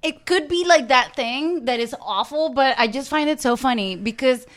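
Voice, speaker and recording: A woman from Venezuela with a Venezuelan accent, talking in a rambling, animated casual chat. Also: high-pitched, moderate pace.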